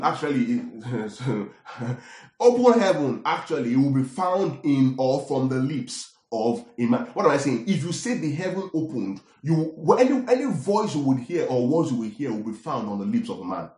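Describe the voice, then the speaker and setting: Animated preacher man in an echoey hall. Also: medium pitch. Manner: animated, often asks the congregation questions. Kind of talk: sermon.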